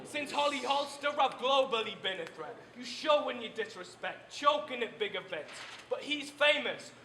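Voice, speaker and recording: A man's voice: very high-pitched, lively intonation, moderate pace. A man delivering a live battle rap with taunting insults at an event venue. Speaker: battle rapper. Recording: echoey room, loud crowd noise.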